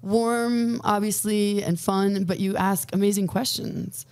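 A woman's voice: mid-range voice, steady tone, takes it slowly, darkish tone. Bubbly woman from Minnesota, podcast guest. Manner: bubbly, laughs often. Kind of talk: casual podcast chat.

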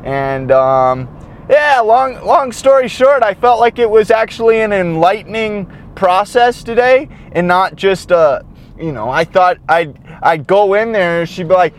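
A man's voice: high voice, animated, unhurried. A man in a car chatting casually to his viewers, rambling and swearing, often breaking off mid-sentence. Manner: rambling, profane, self-interrupting. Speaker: vlogger. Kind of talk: casual driving vlog chat. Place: in a car on city streets.

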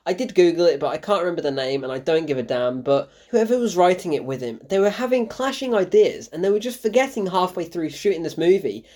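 A woman tears into a film she hated, swearing and laughing in disbelief. Her voice sits a little low. She is casual and fed up. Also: animated, fast, few pauses, darkish tone. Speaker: film reviewer. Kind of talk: ranting film review.

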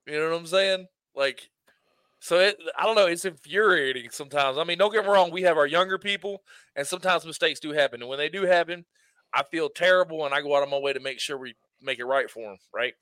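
A man in casual podcast chat, telling profane, animated stories about rude customers. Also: on the high side, fast, clear, resonant tone, dry recording. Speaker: podcast co-host.

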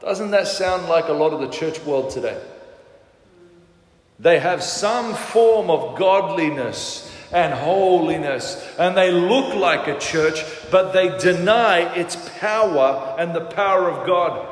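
High-voiced preaching man in echoey hall. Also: animated, takes it slowly. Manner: emphatic preaching with many "uh" fillers. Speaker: pastor. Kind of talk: sermon. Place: large church hall.

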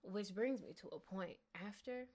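A woman co-hosting a podcast in casual chat about a film, animated and profane, acting out lines from the scenes. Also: medium pitch, moderate pace. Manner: animated, profane, acts out quotes in big voices. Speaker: podcast co-host.

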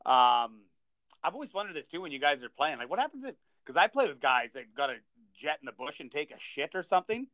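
A man's voice: fairly high pitch, sing-song, fast, sharp tone, no echo. A man hosting a podcast in casual chat, swearing and laughing as he rambles through stories. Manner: crude, laughing, rambling storyteller. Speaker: podcast host.

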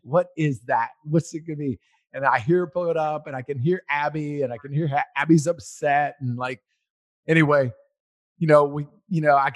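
Animated storytelling man, slightly high voice. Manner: rambling and animated, gets loud reliving an argument. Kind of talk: casual personal storytelling.

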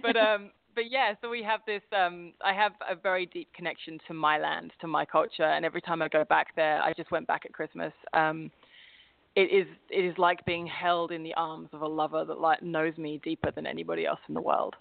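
A woman's voice: low-pitched, flat delivery, fairly quick, gravelly, no echo. A woman from the UK, a guest in an interview, speaking in a reflective, heartfelt way with restarts over a remote call. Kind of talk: casual interview chat. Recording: tinny phone-like line, dry.

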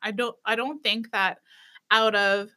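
A young woman in casual podcast chat, animated and giggly with lots of "like". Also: medium pitch, measured pace.

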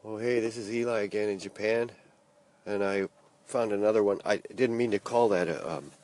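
A podcast host in his fifties talks casually at normal speed while driving, playfully chanting word games in a fairly low voice. The audio is poor, with the car window open and loud wind, road and traffic noise behind him.

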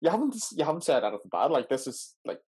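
A man's voice: a little high, very animated, fast talker, darkish tone, husky. Joking man hosting a podcast. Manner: joking, rambling, loose. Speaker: podcast host. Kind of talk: casual chat.

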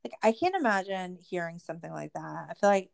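A woman recapping a true-crime documentary in casual chat, sarcastic and swearing, full of "like" fillers, her voice jumping high when she is exasperated. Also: lively intonation, a little fast, vocal fry. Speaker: podcast host.

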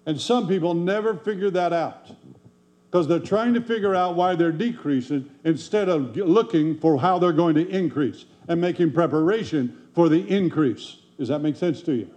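A man's voice: a little high, moderate pace, darkish tone. A man preaching a sermon in a folksy, conversational way, full of rhetorical questions to the congregation. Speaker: pastor.

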